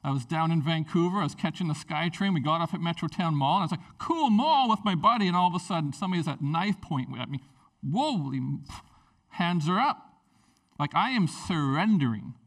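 Animated male preacher, slightly distant. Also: a little high, brisk. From Canada. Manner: conversational, animated storytelling. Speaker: pastor. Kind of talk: sermon.

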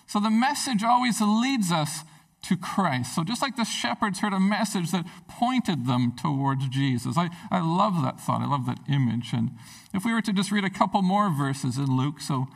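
A man preaching a sermon, talking earnestly and conversationally and often restarting his sentences. His voice is gravelly with some fry and sits fairly high. The sound comes from a mic set back from him. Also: animated, normal speed, recorded from a distance, low-quality recording. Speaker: pastor.

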